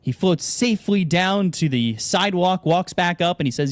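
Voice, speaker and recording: Between matches, this male esports caster fills the air with casual banter and long, animated jokes. His voice is high and his speed is normal.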